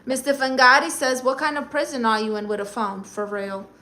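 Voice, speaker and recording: A woman's voice: on the high side, level tone, a little fast, bright, forceful tone. A middle-aged woman with a Brooklyn accent, hosting a live stream and reading chat comments aloud with blunt, sassy comebacks.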